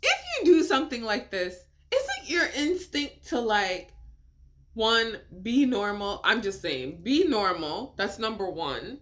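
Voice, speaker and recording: Animated, lively-pitched woman reacting. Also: slow pace. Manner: animated, incredulous, laughs often, rhetorical questions. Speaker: reaction video host. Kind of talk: casual reaction commentary.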